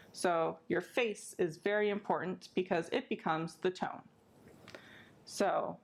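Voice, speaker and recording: Brief: woman librarian, friendly and clear, teaching a sign language video lesson, mid-range voice. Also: mid-range voice. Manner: friendly, clear step-by-step explaining.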